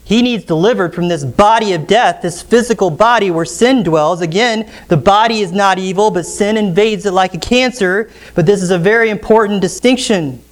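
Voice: medium pitch, moderate pace, few pauses. A pastor preaching an expository sermon in church, often asking the congregation rhetorical questions.

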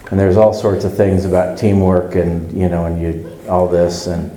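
A man's voice: deep voice, flat delivery, normal speed, dark tone, reverberant, poor audio. A man preaching a conversational sermon at a church service, earnestly putting rhetorical questions to the congregation.

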